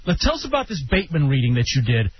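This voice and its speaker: A man's voice: a little high, huge pitch swings, very fast. Brash joking guy hosting radio, voice jumps around a lot, kinda muffled. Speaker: radio host. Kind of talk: casual radio chat. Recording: dull broadcast audio with faint noise.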